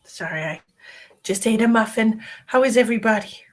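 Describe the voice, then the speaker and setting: A woman's voice: fairly high pitch, moderate pace, background noise. A woman, a psychic medium, chatting casually on her live stream, greeting viewers by name and rambling through small talk.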